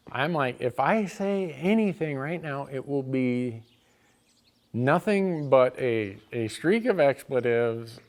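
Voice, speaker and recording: A middle-aged man telling a comic story, exasperated, swinging between quiet asides and loud outbursts. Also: mid-range voice.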